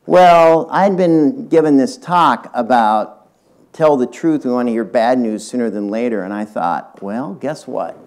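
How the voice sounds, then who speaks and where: An older man who was once a tech executive shares a business anecdote in a university lecture hall, speaking straight to the audience. His medium-pitched voice is unhurried and a little mellow, suited to this storytelling public talk.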